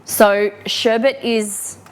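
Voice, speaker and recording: A woman's voice: a little high, fairly even intonation, very slow, a little hiss or hum. An Australian woman hosting a casual live cooking stream, chatting as she cooks and reading viewer comments aloud. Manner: chatty, reads viewer comments aloud, talks to her dog. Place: home kitchen.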